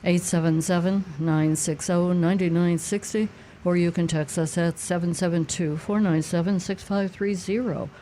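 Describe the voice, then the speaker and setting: A man's voice: high voice, fairly even intonation, moderate pace, warm tone, slight background noise. Chatty male radio host. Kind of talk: radio call-in hosting.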